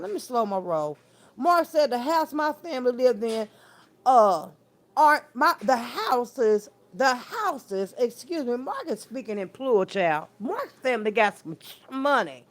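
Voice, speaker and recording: A woman hosting a casual livestream, scolding someone in a sassy, trash-talking way, stretching out words for emphasis and greeting her viewers. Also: high voice. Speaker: livestream host.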